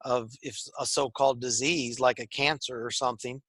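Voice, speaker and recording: A man from Michigan with a Northern US accent and a slightly raspy voice, co-hosting a casual chat and rambling with many fillers. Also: medium pitch, fairly even intonation, normal speed, a bit bright, no room sound. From Michigan, USA. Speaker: podcast co-host.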